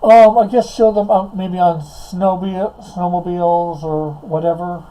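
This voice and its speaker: A man's voice: high voice, flat delivery, normal speed, warm tone, poor audio. A man on a remote call in a casual live stream, reading out his story notes hesitantly and chatting. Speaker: comic writer.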